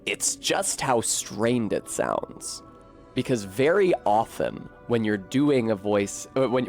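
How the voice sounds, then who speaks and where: An American man chatting casually while livestreaming a game, rambling with self-corrections and the odd swear. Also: medium pitch. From United States. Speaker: game streamer.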